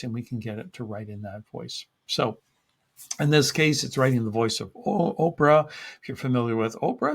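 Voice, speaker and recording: Husky man presenting a workshop. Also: mid-range voice. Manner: conversational, explaining step by step with fillers.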